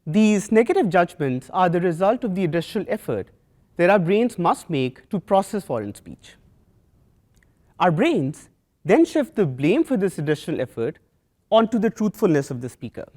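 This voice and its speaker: Young man, South Asian accent, prepared talk, earnest, measured pauses, lively intonation. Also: sits high. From Pakistan. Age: young adult. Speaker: student speaker.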